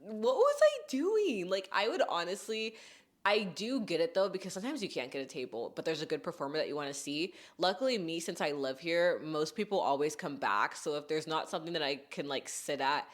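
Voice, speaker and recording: A woman's voice: deep voice, expressive, a little fast. A young woman from Texas hosting a podcast in casual chat, talking in a chatty way full of "like" and "you know what I mean.". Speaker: podcast host.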